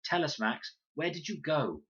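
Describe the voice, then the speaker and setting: A man's voice: a little high, sing-song, measured pace, a bit bright, breathy edge, muffled recording, pitched above the performer's own voice, exaggerated voice. A man voicing a fierce, protective girl who bosses her little brother around in a stern, commanding voice. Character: fierce protective older girl, bossy sister.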